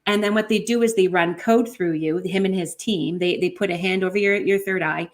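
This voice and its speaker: A woman, a podcast guest, telling a personal story in an animated way with many fillers. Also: medium pitch, a little fast. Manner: animated, many fillers like 'like' and 'you know'.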